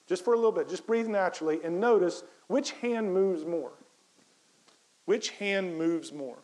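High-voiced man giving a keynote talk. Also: normal speed, low-quality recording. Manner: energetic, repeats key phrases for emphasis; coaches the audience through a breathing exercise.

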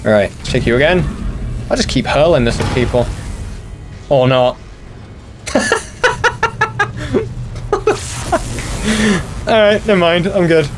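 A man's voice: on the high side, lively intonation, moderate pace, pauses often, over music. A young man hosting a gaming channel, chatting casually and mocking himself as he plays. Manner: self-deprecating, sweary, chatty. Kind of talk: casual let's play commentary.

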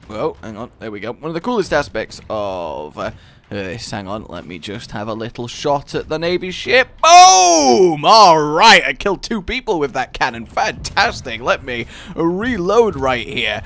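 A young man hosting a gaming video, giving excitable, jokey let's-play commentary and shouting during the action. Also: fairly high pitch, measured pace.

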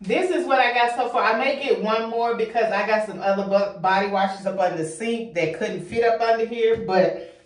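A woman's voice: on the high side, normal speed, echoey room, distant mic. A young woman vlogging, chatty and effusive, a little out of breath as she talks to her viewers. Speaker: home organization vlogger. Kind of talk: casual vlog chat. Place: bathroom.

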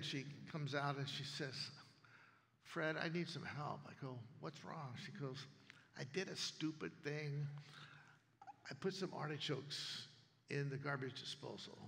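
A pastor telling a story in a sermon. His voice sits a little high for a man and has a gravelly edge. It rings out with the long reverb of a church sanctuary. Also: fairly bright tone. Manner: storytelling, acts out neighbors' lines.

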